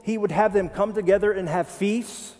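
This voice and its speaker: A man pastor preaching a sermon in a church, animated and joking, asking the congregation questions. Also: high voice, normal speed, long reverb tail. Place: church sanctuary.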